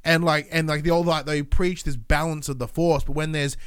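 Higher-voiced man, rambling casual chat. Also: fairly even intonation, brisk, clear, resonant tone, dry recording, studio quality. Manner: rambling and opinionated, restarts often, swears casually.

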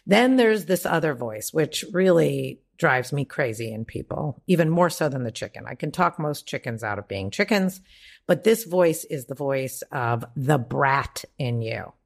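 A woman's voice: very deep voice, animated, unhurried, gravelly. A woman life coach on a podcast, talking emphatically and profanely, acting out the voices in people's heads. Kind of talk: podcast conversation.

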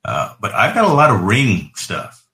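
A man hosting a casual tech podcast chat, relaxed and conversational, often restarting his phrases. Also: on the low side, normal speed. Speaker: podcast host. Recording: echoey room.

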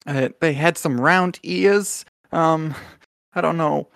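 A man voicing a small, nervous male mouse messenger who stammers and hesitates in a higher voice than his own. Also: slow, gravelly, fairly bright tone, smooth, no room sound, studio quality, exaggerated voice.

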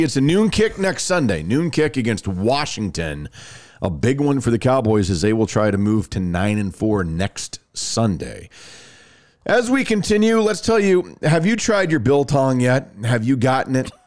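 A man hosting a sports radio show, talking football and reading ads in a lively storytelling way. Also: medium pitch. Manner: animated storyteller, lively ad delivery. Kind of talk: sports talk and live ad reads.

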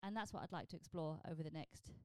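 Brief: woman, 40s, stand-up comedian, blunt, animated, dry close mic. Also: deep voice, quick pace, dry recording. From southern England. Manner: blunt, sweary, animated with comic asides. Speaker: stand-up comedian and podcast host. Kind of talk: casual solo podcast monologue.

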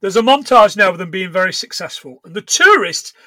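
A man with a high, bright voice, recorded dry and close with no room sound. He co-hosts a podcast in loose, rambling chat, dropping in swear words as he goes through what he has seen. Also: animated, fairly quick, no room sound. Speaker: podcast co-host. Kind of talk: casual chat.

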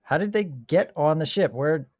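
A man player in a tabletop game who keeps asking curious questions. His pitch moves a lot and sits fairly high. His mic sounds dull and lo-fi, with a dry sound. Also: expressive, moderate pace, darkish tone, no room sound. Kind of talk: tabletop role-play.

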